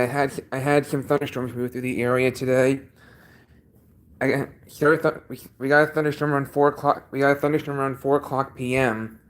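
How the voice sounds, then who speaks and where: Speaking in a slightly bright, medium-pitched voice, a man chats casually on his own livestream from a basement. He's congested and halting, and he repeats each sentence he says.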